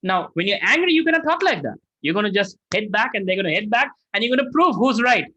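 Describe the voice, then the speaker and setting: A middle-aged man giving a lively lecture-style answer on an online call, acting out angry quotes and asking "right?" often. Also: high voice, quick pace, no room sound. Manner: animated, acts out angry quotes, asks "right?". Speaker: spiritual mentor answering questions. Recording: dull lo-fi dry sound.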